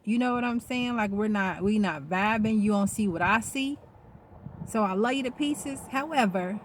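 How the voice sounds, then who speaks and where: Animated rambling woman. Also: on the high side, moderate pace, slight background noise. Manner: animated, rambling, swears freely. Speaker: vlogger. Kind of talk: casual vlog monologue. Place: outdoors.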